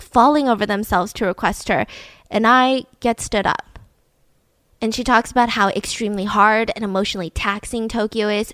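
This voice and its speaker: A woman's voice: a little high, a bit bright, dry recording. A woman hosting a podcast, telling a true-crime story in a chatty way, swearing casually and laughing between points. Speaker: podcast host.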